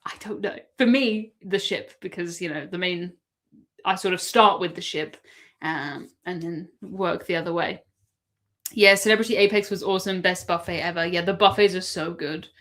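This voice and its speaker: A woman's voice: lowish voice, moderate pace, fairly bright tone. An English woman chatting casually on a live stream, answering viewer questions and laughing often. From England. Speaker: cruise live-stream host.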